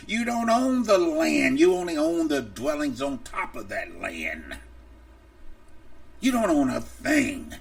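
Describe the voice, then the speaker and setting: A man's voice: high voice, gravelly, fairly bright tone, recorded from a distance. A male preacher delivering an impassioned, emphatic sermon for a podcast, openly angry.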